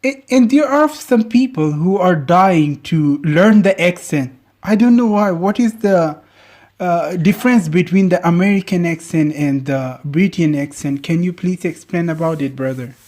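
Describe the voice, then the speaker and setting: A man's voice: high-pitched, unhurried, a little mellow. A man hosting a casual interview over an audio call, asking questions in non-native English and searching for words.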